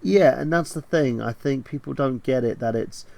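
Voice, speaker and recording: Gravelly man chatting about movies. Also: medium pitch, normal speed, no echo. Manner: animated, swears freely, acts out quotes. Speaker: podcast co-host. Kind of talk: casual movie discussion.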